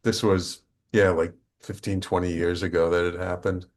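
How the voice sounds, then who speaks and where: A middle-aged man with a fairly low voice speaks as a podcast guest. He tells stories in a loose conversational way, slipping into the voices of the people he quotes and often restarting his sentences. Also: moderate pace. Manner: animated storytelling, acts out quoted dialogue, frequent restarts. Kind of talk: conversational storytelling.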